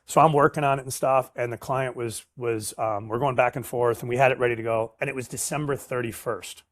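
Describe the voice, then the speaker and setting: A man's voice: mid-range voice, brisk. A middle-aged man, a sales professional guest, telling stories casually and acting out the dialogue. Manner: animated storyteller, acts out dialogue, casual slang. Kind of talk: casual storytelling interview.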